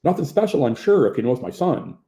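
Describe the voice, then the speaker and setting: A woman's voice: rumbling low, big pitch swings, a little fast, warm tone, roomy sound, pitched above the performer's own voice. A man voicing a friendly, motherly telephone operator woman with a Newfoundland accent and sing-song, chatty dialect. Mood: warm chatty.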